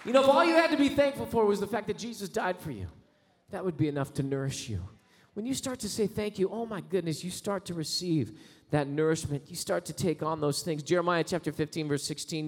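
A man preaches in a church sanctuary, his high voice ringing through a long, lingering reverb. He moves from conversational teaching into slow, loud, rising prayer, pleading and thanking God. It is a live sermon with strong swells of intensity. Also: animated, breathy edge. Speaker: pastor.

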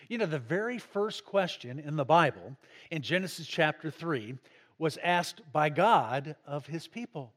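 A man's voice: animated, unhurried, fairly bright tone, in a large hall. A pastor preaching a sermon to his congregation, raising his voice for emphasis and asking them questions. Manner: dynamic preaching, pitch and volume rising for emphasis, asks the congregation questions. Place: church.

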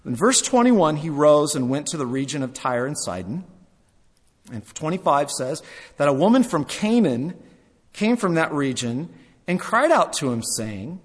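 A man preaching a sermon, repeating phrases for emphasis and swinging between loud and hushed. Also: fairly high pitch, big pitch swings, unhurried, husky, in a large hall.

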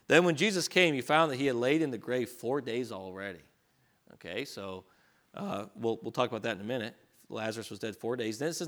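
A man preaching a sermon, reading scripture aloud with rising emphasis and dropping to quieter asides to explain it. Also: medium pitch.

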